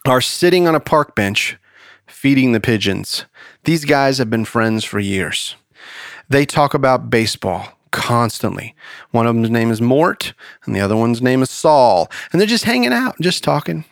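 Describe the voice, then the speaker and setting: A man's voice: mid-range voice, lively intonation, moderate pace, creaky, no echo, clean studio sound. Easygoing man hosting a Bible study chat. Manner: easygoing, rambling storyteller. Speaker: podcast host leading a Bible study. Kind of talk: casual chat and joke telling.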